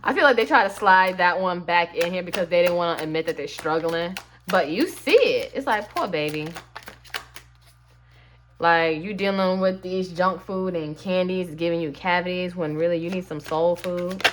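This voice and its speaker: Brief: lower-voiced woman, casual tarot reader, chatty and sassy, addresses the viewer directly. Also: moderate pace. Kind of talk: casual tarot reading to camera.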